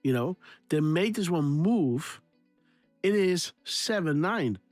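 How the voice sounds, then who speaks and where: A man's voice: on the high side, animated, takes it slowly, dry recording, faint music behind. Laughing man hosting a casual livestream. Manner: laughing, repeats himself, imitates sound effects. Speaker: livestream host.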